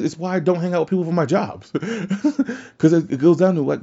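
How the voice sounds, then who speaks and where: A man's voice: a little high, animated, a little fast, warm tone, husky. A man hosting a podcast, ranting casually and bluntly, swearing freely. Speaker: podcast host. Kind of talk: casual rant on wrestling. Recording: dull lo-fi audio.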